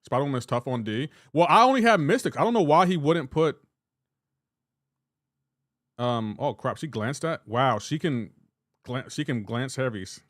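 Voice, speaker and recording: A man's voice: medium pitch, expressive, moderate pace, pauses often, fairly bright tone, no echo, clean studio sound. A man with a light Southern US accent, a gaming streamer chatting casually and reacting to his viewers' messages. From Southern United States. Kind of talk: casual live-stream chat.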